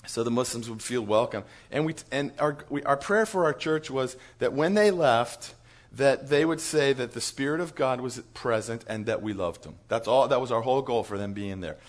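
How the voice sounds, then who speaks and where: A man on church staff telling a lively story to church leaders, chuckling as he goes. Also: mid-range voice, moderate pace. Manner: animated storyteller, chuckles through his story.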